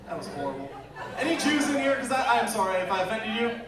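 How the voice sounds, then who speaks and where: A man's voice: high voice, quick pace. A young man doing a stand-up comedy set, telling stories and acting out voices. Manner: animated storytelling, acts out voices. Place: comedy club. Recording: echoey club from far off, crowd laughter.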